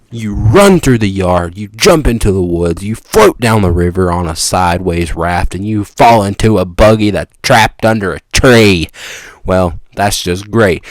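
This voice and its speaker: A young man hosting a podcast, excitedly rambling through an improvised comic story told to the listener, with sudden jumps in pitch and loudness. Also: no echo. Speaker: podcast host.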